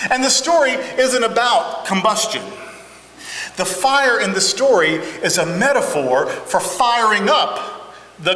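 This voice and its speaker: Slow, bright-voiced pastor in echoing church. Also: male voice, high voice. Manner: humorous, self-deprecating preaching with playful asides. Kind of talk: sermon. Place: large church sanctuary. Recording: echoey church hall with congregation.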